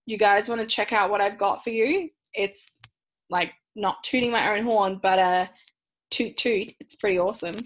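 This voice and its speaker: A bubbly woman hosts a live online call, pitching her coaching program in a loose, chatty way. She swears freely and laughs easily. Her pitch is mid-range for a woman. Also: expressive, moderate pace, fairly bright tone, rough recording. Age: young adult. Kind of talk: live webinar sales pitch.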